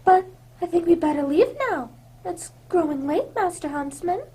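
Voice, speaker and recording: A woman playing a sweet, gentle young princess who frightens easily, in a radio drama. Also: very high voice, normal speed. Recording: loud background noise.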